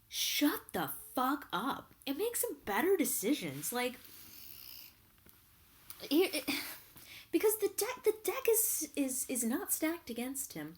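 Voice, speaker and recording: Woman ranting profanely, very animated pitch. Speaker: vlogger. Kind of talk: ranting reality TV recap.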